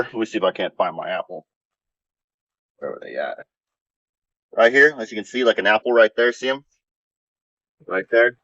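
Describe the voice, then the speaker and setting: A man's voice: medium pitch, fairly bright tone, no room sound. A man hosting a casual garden vlog, chatting in an easygoing, rambling way as he walks around an outdoor desert garden. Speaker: vlog host. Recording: dull lo-fi dry sound.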